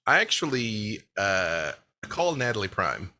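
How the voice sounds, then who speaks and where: A man playing a tabletop game, talking lively and half in character. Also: lowish voice, unhurried. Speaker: player.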